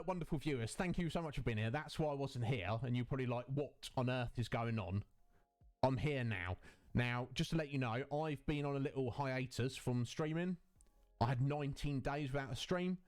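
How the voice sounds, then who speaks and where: A man streamer in casual chat, effusive and chatty, warmly greeting viewers by name. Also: medium pitch, lively intonation, normal speed.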